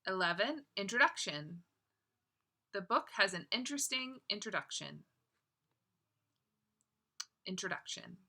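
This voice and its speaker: A woman teacher dictating a spelling test, saying each word, using it in a sentence, then repeating it deliberately. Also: medium pitch, big pitch swings, pushed and bright. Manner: affectionate toward students.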